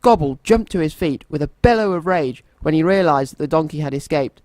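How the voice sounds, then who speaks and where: A man reading a children's story aloud in a gentle, expressive storytelling manner. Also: on the high side, a little fast, no echo.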